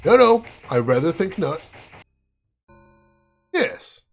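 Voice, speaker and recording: Guy doing a stuck-up game villain, all theatrical and bored-sounding, slightly high voice. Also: very animated, takes it slowly, gravelly, soft background music, exaggerated voice. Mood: smug. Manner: pompous, condescending, theatrical. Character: haughty male villain, master of a cursed mansion.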